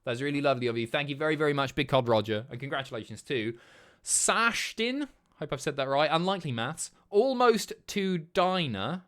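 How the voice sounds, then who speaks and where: A man in his thirties chats casually while hosting a livestream. His voice is lively and bouncy in pitch, and his talk is blunt, sweary and sardonic. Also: fairly quick. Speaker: livestream host. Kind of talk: casual stream chat.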